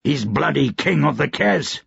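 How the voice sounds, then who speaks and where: Brief: amused, philosophical soldier, raised dry tone, put on by a male narrator, husky, dry recording. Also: a little high, animated, measured pace, fairly bright tone, dry recording, voice pushed up, heavily acted. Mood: wry. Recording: dry, slightly dull recording.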